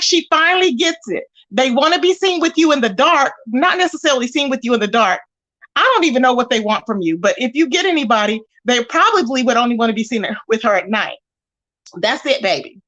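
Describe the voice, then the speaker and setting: A woman's voice: sits high, fairly bright tone. A woman hosting a casual livestream gossip chat, sassy and emphatic, greeting her viewers fondly as she talks.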